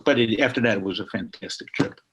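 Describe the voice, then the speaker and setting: A man, a writer speaking as a guest, telling a lively anecdote on a video call and acting out the people in it. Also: fairly low pitch, fast, muffled recording, noisy background. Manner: lively, acts out the people in his story. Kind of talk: anecdotal storytelling.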